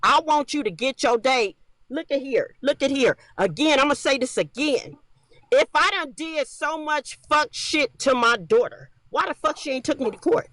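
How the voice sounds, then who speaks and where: An angry woman ranting on a livestream, profane, shouting and repeating herself. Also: high voice, animated, normal speed.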